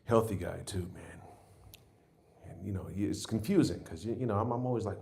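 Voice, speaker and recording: A man's voice: low-pitched, moderate pace, vocal fry. A man in his forties doing an open-mic stand-up set, rambling and profane, telling stories with lots of restarts. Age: 40s. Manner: profane, rambling, animated storytelling. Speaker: stand-up comedian.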